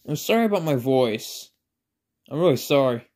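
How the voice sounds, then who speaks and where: A man's voice: mid-range voice, expressive, moderate pace, a little mellow. A man casually telling a made-up fan story, rambling with lots of filler words and self-conscious asides.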